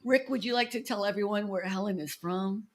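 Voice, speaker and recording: A woman's voice: medium pitch, brisk. A woman hosting a casual livestream chat, greeting viewers and teasing her guests playfully. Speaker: host.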